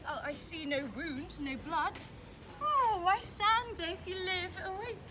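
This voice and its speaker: A woman's voice: extremely high pitch, lively intonation, a little slow, pushed and bright, a little hiss or hum, exaggerated voice. A woman playing a lovelorn, pleading young woman. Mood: anguished. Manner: emotional, pleading verse delivery. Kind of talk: outdoor stage acting of verse.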